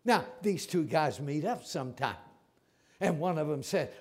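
A preacher man with a high, ringing voice. He delivers his sermon in a folksy, emphatic way, repeating phrases and stumbling into quick restarts. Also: lively intonation, a little mellow. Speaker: pastor.

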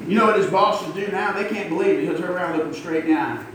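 In a church sanctuary, a middle-aged pastor delivers a folksy, forceful sermon in rapid-fire bursts, his voice high and a bit bright, while the congregation calls back in response. The audio sounds distant, echoey and noisy.

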